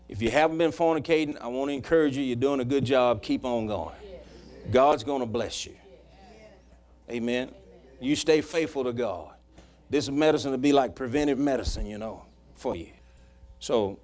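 A man preaching a sermon, telling a personal story in a folksy way that swings from loud to hushed. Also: mid-range voice. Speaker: pastor.

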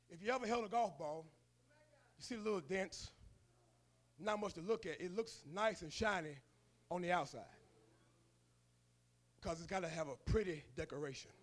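Male preacher, high voice, colloquial, storytelling sermon.

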